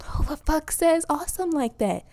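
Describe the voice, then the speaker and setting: A woman from Wisconsin delivering a casual comedic monologue, profane and animated, laughing often and mimicking other voices. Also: high voice, normal speed.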